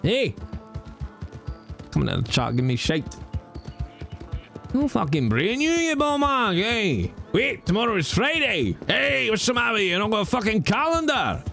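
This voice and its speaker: A man doing a brash Scottish cowboy, high and shouty. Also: big pitch swings, takes it slowly, vocal fry, faint music behind, exaggerated voice. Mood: angry rant.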